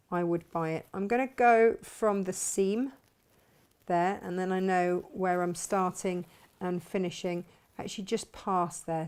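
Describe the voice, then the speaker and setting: A woman's voice: on the low side, a little mellow. A woman chats her way through a sewing project, narrating each step as she goes. She is casual and self-mocking, breaking off now and then as she concentrates. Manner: chatty, self-mocking, talks while working. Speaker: sewing vlogger and shop owner. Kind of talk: casual sewing tutorial chat.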